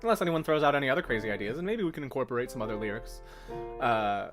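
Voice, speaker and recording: A man's voice: mid-range voice, lively intonation, racing, music in the background. A young man hosting a casual songwriting livestream, rambling and correcting himself as he talks, now and then singing a note. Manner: rambling, self-correcting, breaks into sung notes. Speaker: livestream host.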